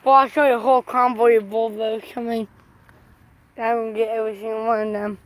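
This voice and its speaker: High-voiced, excitable young woman vlogger. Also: a little fast. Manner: excitable and chatty, shouts at passing trucks. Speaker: truck-spotting vlogger. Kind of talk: excited roadside commentary. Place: roadside outdoors by traffic.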